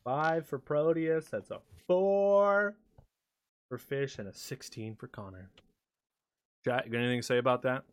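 A man's voice: mid-range voice, a little slow, pauses often. A man running a tabletop game, narrating in a casual, rambling way. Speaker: game master.

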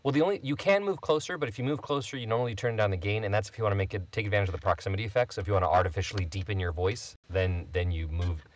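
A man's voice: lowish voice, racing, hardly any pauses, no room sound. A man co-hosting a casual podcast chat, explaining microphone technique in a matter-of-fact way as the show's audio guy. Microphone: studio microphone.

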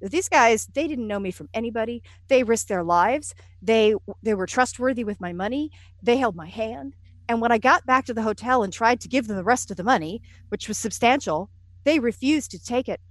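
A woman being interviewed, telling travel stories in a lively, self-deprecating way with frequent fillers. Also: on the high side, moderate pace, dry recording. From United States. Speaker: interview guest. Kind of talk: conversational storytelling.

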